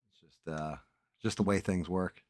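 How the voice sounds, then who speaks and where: A man's voice: deep voice, steady tone, moderate pace, darkish tone, dry recording. A man hosting a casual live stream, rambling and swearing casually as he tells a story against himself.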